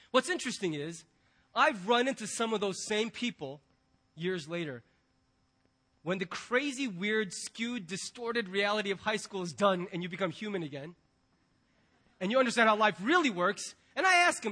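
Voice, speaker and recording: A middle-aged man, a pastor, preaching a sermon and telling stories with animated quoted voices. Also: high voice, normal speed.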